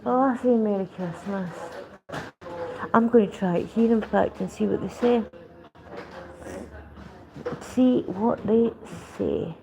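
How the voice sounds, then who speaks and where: A woman's voice: mid-range voice, slow pace, gravelly, long pauses, warm tone, poor audio. A Scottish woman livestreaming while she walks about the street and shops, chatting in a rambling, meandering way. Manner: rambling, chatty, trails off mid-sentence. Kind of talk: casual live stream chat. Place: outdoors on the street and in shops, walking. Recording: street noise with passing traffic.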